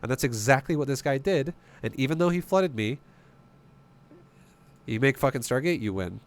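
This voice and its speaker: A man's voice: mid-range voice, lively intonation, normal speed. A man streaming and coaching a strategy game, talking bluntly and emphatically, swearing freely and firing off rhetorical questions.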